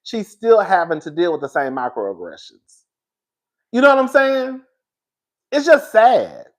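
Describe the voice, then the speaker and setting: A man's voice: sits high, normal speed. A man giving casual, dramatic commentary on a reality show, talking straight to his viewers with emphatic repeats and frank swearing. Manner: animated, dramatic storytelling with emphatic repetition; swears freely and addresses listeners as "girl".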